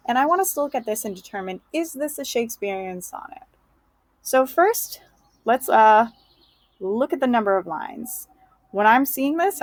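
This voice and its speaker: A woman's voice: fairly high pitch, no echo. A woman teaching a lesson on poetry, explaining step by step in a patient way and checking in with the listener often. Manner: patient, checks in with okay and right.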